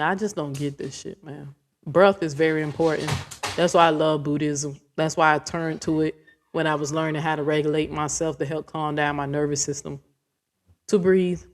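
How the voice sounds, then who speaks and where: A woman ranting in a casual vlog, blunt and profane, rambling from point to point. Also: low voice. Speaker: vlogger.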